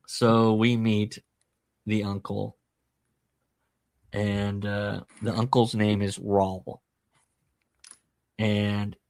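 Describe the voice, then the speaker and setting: A man's voice: lowish voice, vocal fry, no room sound. A man hosting a podcast, casually retelling a book's plot with jokey, self-deprecating asides. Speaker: podcast host. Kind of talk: casual book-discussion chat.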